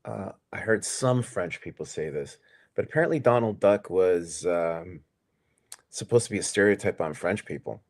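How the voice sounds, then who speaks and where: A man's voice: low-pitched, normal speed. A man in his forties co-hosting a podcast in casual chat, laid-back, laughing often and swearing casually. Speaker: podcast co-host.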